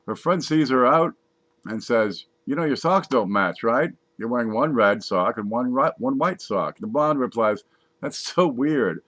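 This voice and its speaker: A man's voice: mid-range voice, expressive, normal speed, fairly bright tone, dry recording. A man casually reading jokes aloud, laughing at his own punchlines and adding wry asides. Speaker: comedy joke reader.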